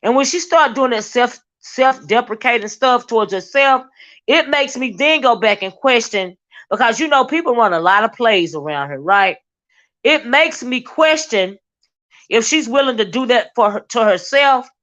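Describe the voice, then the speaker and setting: Woman livestream host, sassy gossip commentary, drawn-out asides, lo-fi dull stream audio. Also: fairly high pitch, lively intonation, fairly bright tone. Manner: sassy, drawn-out asides of "child", reads chat comments aloud.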